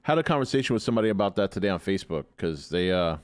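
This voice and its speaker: A man with a low, sleepy-rough voice hosts a live stream from his desk mic, sounding like he has just woken up. He talks in loose, opinionated rambles, swears freely and answers his chat as he goes. The sound is dry and close. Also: animated, rapid-fire, no echo. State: groggy just-woken morning voice. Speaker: livestream host.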